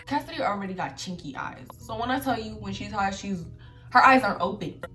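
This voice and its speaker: Young woman vlogger, lively slangy storyteller, roomy off-mic sound. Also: medium pitch, a little fast, recorded from a distance. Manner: animated slangy storytelling with laughs. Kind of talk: storytime vlog. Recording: echoey room, voice off-mic, faint music.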